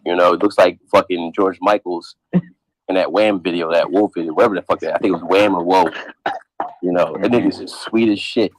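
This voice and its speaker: A podcast host with a low voice talks briskly and bluntly in a casual chat, animated and heavy on profanity and trash talk. There is no room sound, and the recording is rough.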